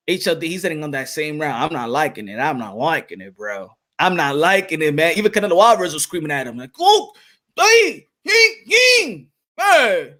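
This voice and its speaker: A man hosting a casual boxing livestream, excitable and slangy, often shouting and laughing as he talks. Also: on the high side. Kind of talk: casual livestream chat reading viewer comments.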